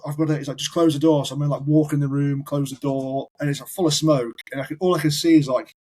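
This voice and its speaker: A man's voice: on the high side, steady tone, fast talker, dark tone, breathy edge, low-quality recording. A man, a firefighter guest on a podcast, telling long rambling anecdotes in casual chat. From United Kingdom. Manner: rambling anecdotal storyteller, repeats words.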